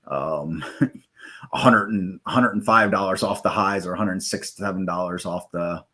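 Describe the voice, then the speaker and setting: Man, low voice, casual live-stream walkthrough, rambling, stops to correct himself. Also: normal speed, pushed and bright. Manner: loose, rambling, with many fillers and self-corrections. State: hiccups. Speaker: live trading room host.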